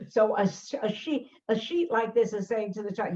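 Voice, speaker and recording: An older woman explains reading instruction in an emphatic, searching way, often stopping to restart her sentences with fillers in between. Her voice sits at an ordinary middle pitch. The recording sounds dull and somewhat lo-fi. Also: expressive, normal speed, darkish tone. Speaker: learning specialist host. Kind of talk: explanatory conversation.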